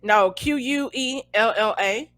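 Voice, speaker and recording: A woman in her thirties co-hosting a casual podcast chat, animated and self-mocking with quick laughs. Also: a little high, soft background music. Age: 30s. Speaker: podcast co-host.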